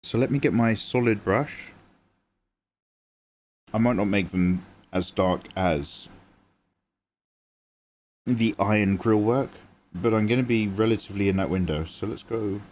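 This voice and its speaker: A man's voice: fairly low pitch, measured pace, pauses often, a little mellow. A young man, chatting casually with viewers and explaining his drawing as he works on a livestream. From England. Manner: chatty, reads and answers chat, explains as he works. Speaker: livestream artist.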